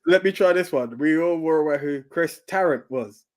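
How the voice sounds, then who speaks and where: A man's voice: on the high side, normal speed. A young man co-hosting a podcast, rambling earnestly through his opinions. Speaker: podcast co-host. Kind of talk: casual chat.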